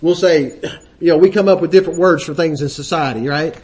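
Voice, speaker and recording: A man's voice: on the high side, a little fast, darkish tone, a little hiss or hum. A man preaching a sermon, quoting scripture and acting out little asides, often checking in with the congregation. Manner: frequent "right?" checks to the congregation.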